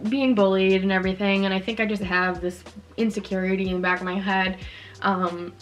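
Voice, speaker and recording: A woman's voice: mid-range voice, fairly bright tone. Chatty young woman vlogging. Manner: chatty, lots of "like", emotional and open. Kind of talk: casual talk to camera.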